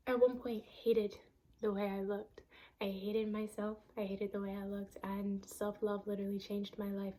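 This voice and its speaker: A woman's voice: mid-range voice, a little mellow. A woman giving an earnest, emphatic self-help talk on a vlog, repeating phrases for stress. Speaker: vlogger.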